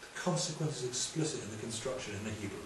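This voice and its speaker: A man from Wales preaching a sermon in a lively, conversational way with quick humorous asides. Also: medium pitch. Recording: echoey hall, distant from mic, faint room noise.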